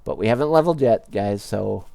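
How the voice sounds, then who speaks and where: A man casually commenting on his own game play as a let's-play host, relaxed and rambling. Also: lowish voice, a little fast, vocal fry, no echo. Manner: relaxed, rambling, with many fillers. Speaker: gaming video host.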